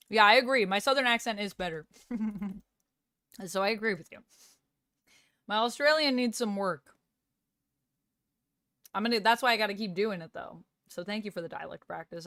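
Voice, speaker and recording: A woman's voice: medium pitch, bright, forceful tone, no room sound, clean studio sound. A young Canadian woman streaming live, chatting playfully and reading viewer comments aloud. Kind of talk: casual live-stream chat.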